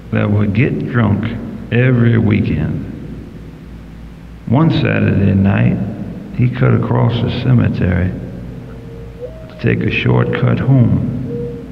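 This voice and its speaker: A man reading ghost stories aloud in a measured, unhurried storytelling manner. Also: lowish voice, gravelly, a little hiss or hum. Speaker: reader. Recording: dull lo-fi audio with long reverb.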